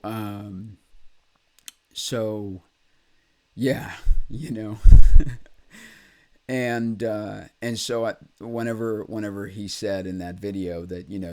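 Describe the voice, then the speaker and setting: Male vlogger, very deep voice, confessional monologue, halting delivery full of pauses and fillers, blunt and profane. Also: gravelly, a little mellow. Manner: candid and blunt, with swearing. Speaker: vlog host.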